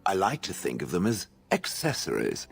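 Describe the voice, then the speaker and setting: Haughty male stone golem, video game character, posh, very deep, husky, lively pitch. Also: normal speed, faint music behind, heavily acted. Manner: posh, refers to others as "it". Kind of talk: voiced game dialogue.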